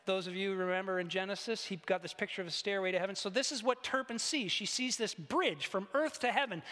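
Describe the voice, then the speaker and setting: Male pastor, animated storyteller, bright and expressive, echoing church hall. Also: sits high, moderate pace. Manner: animated storytelling, conversational asides. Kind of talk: sermon. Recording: long hall reverb.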